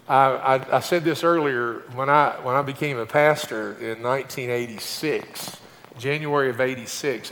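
A man's voice: mid-range voice, fairly bright tone, in a large hall, slight background noise. An older man, a pastor, preaching a conversational sermon, often repeating words as he starts a thought.

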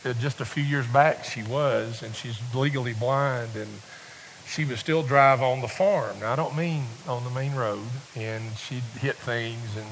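A middle-aged visiting preacher delivers a sermon from the pulpit, spinning folksy personal stories at an unhurried pace and frequently restarting his words. He rambles before building to fervent exhortation, his medium-pitched voice captured on poor audio with a faint hiss underneath.

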